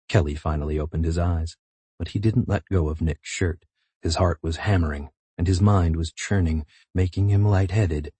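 A man reads a novel aloud in a measured, intimate way. His voice is very low, dark and husky. The recording is dry and close with no room sound. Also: no echo. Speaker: audiobook narrator. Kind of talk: scripted narration.

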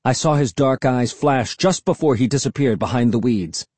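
An audiobook narrator giving a dramatic, expressive first-person reading. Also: medium pitch, moderate pace, breathy edge, dry recording.

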